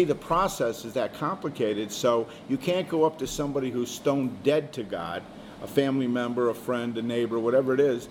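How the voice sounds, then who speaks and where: A man leads an informal Bible study for a small group, talking in a plain, conversational way and asking the room questions as he goes. His voice sits at an ordinary middle pitch. An air conditioner hums steadily behind him. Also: background noise.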